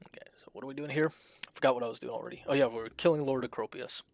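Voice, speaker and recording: A man chats through a live game stream in a flat, dry delivery, reading menu choices aloud as he goes. His voice sits in a middle pitch, and the recording is close and dry with no room sound. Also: very fast, vocal fry, no echo. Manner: self-described monotone, dry delivery; chatty, reads game options aloud.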